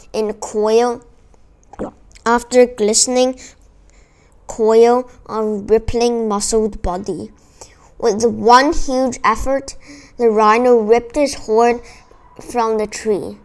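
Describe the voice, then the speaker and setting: Unhurried woman reading a children's adventure. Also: fairly high pitch. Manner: expressive, dramatic storytelling. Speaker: audiobook reader. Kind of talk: reading a children's book aloud.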